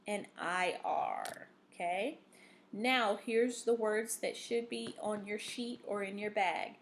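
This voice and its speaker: A woman teaching a reading lesson to young students, giving patient instructions full of fillers and "okay?" checks. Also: medium pitch.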